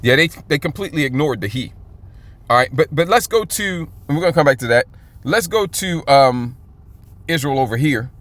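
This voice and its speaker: Emphatic man teaching scripture, bright tone. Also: on the high side, expressive. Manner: emphatic, repeats "okay?" often; reads scripture aloud slowly and stretched out. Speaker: Bible teacher.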